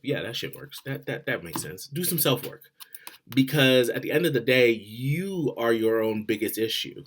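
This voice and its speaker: A man giving blunt, profane relationship advice straight to the camera, swinging between loud and quiet. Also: medium pitch, very animated, normal speed. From Florida. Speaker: vlogger.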